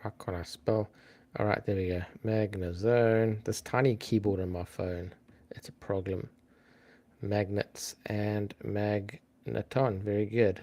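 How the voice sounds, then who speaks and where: A man hosts a live trivia stream in easy, unhurried chat. His voice sits a little low, and he talks slowly, thinking aloud and calling out to viewers by name. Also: steady tone, warm tone. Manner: chatty, thinks aloud, reads out names and greets viewers.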